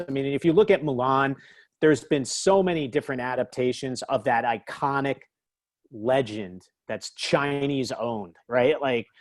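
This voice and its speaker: Animated man telling stories, dry sound. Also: medium pitch, dry recording. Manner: animated, acts out quotes in raised voice. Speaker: interview guest, author. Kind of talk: casual storytelling.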